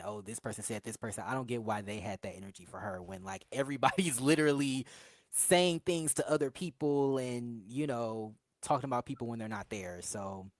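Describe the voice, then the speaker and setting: A woman with a very deep voice, recorded dry, co-hosts a podcast reviewing a reality show. It's a casual recap chat as she talks through scenes, laughing and acting out quotes in asides.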